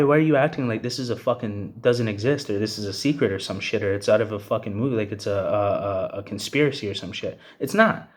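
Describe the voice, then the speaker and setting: An angry young man from Canada, ranting bluntly and profanely to the camera and tossing in "bro" and "you know what I'm saying". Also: mid-range voice. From Hamilton, Ontario, Canada. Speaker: vlogger. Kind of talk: angry personal rant to camera.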